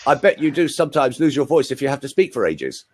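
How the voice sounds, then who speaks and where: A man's voice: medium pitch, sing-song, fast talker. A male voice coach explaining techniques on an online call, with joking asides. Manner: explanatory, demonstrates sounds, jokey asides. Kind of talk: teaching on a group call.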